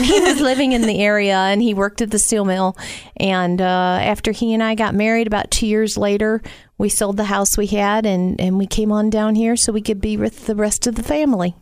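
A woman's voice: medium pitch, no room sound, studio quality. A middle-aged woman from the Midwest with a mild Southern accent, chatting casually as a guest and telling stories with little asides. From Northwest Indiana. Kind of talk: casual conversation.

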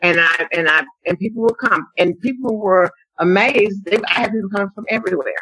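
A woman guest on an interview show telling her own story in a lively, conversational way, often acting out what people said. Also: medium pitch, brisk, breathy edge, no echo, low-quality recording. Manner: animated storyteller, acts out quotes. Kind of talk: conversational testimony.

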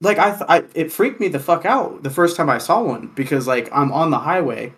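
A man from Kansas telling a story in casual chat, animated and profane, with lots of "like" fillers. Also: a little high, a little fast.

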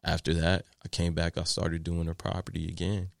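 A man with a very deep, gravelly voice tells his story in an interview, candid and animated, stumbling through fillers and restarts. The recording is close and dry. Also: normal speed, dry recording. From Texas. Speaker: guest, landscaping business owner.

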